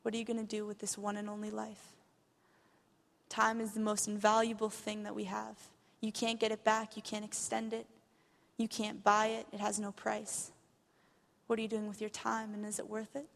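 A woman's voice: mid-range voice, completely flat delivery, normal speed, vocal fry, long reverb tail. A young woman giving an earnest missionary testimony in church, growing impassioned as she retells a story. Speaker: missionary speaker. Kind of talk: testimony sermon. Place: church hall.

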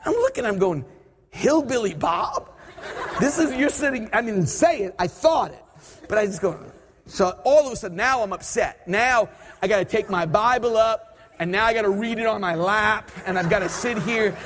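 A man preaching a sermon, telling a personal story with animated asides and acting out his own thoughts. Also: high voice, moderate pace, a little hiss or hum. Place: church service. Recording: reverberant church hall.

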